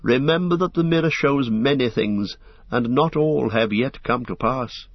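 A man voicing a wise, stately elf queen who speaks in formal, measured sentences, on a dull lo-fi recording. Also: medium pitch, dry recording. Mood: grave.

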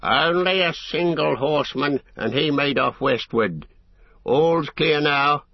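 A man voicing a male orc scout reporting back, higher and rougher than his narration, in a muffled recording. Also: slow pace, no room sound. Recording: dull, muffled audiobook recording.

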